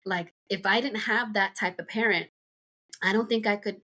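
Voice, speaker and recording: A woman's voice: mid-range voice, fairly even intonation, moderate pace, sharp tone. A middle-aged woman from the United States, a podcast guest, chatting casually and telling a rambling story full of fillers and asides. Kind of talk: casual chat.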